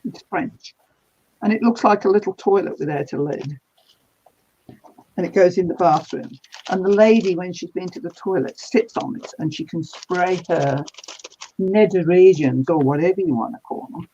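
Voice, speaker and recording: A woman's voice: on the low side, moderate pace, warm tone, slight background noise. An older woman, chatting casually and laughing easily while she works on a quilt. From New Zealand. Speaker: crafting vlog host. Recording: dull lo-fi sound.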